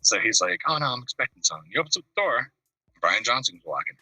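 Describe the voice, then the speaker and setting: A man's voice: mid-range voice, very animated, quick pace, bright, forceful tone, husky, no room sound. A man calling in to a video chat show, telling a rambling story and acting out the voices of the people in it. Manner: rambling anecdotes, acts out the voices of the people in them. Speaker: caller. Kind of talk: casual storytelling. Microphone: video call. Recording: distant mic on a video call.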